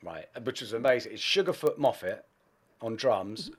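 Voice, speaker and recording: Brief: expressive male musician guest, candid and profane, with a wide pitch range. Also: moderate pace, breathy edge. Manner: swearing, self-deprecating, animated. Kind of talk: anecdotal storytelling.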